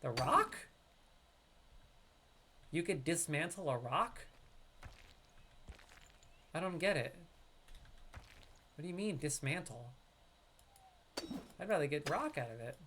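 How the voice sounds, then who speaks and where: A man's voice: fairly high pitch, slow, long pauses, background noise. Chatty man streaming a game. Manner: chatty, talks to chat, bursts into loud excited yelps. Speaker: live streamer. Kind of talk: casual gameplay live-stream commentary.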